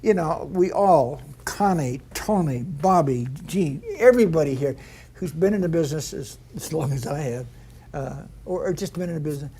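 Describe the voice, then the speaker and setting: Older male storyteller, slightly higher voice, animated anecdotes, plays every character in his stories, laughs a lot. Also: normal speed. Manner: animated yarn-spinner, mimics others in quotes, laughs often. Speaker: veteran stunt performer.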